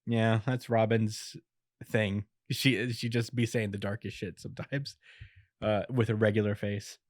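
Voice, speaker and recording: A male podcast host casually recaps an episode, chuckling and using lots of filler words in a laid-back retelling. His voice is fairly low with a darkish tone, captured on a podcast mic with clean, echo-free studio sound.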